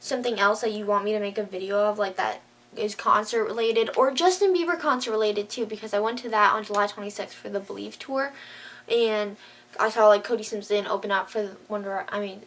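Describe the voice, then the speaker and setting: A woman's voice: medium pitch, brisk, a bit bright. A woman vlogger chatting casually to camera, gushing and filling her talk with "like". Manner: gushing, says "like" a lot.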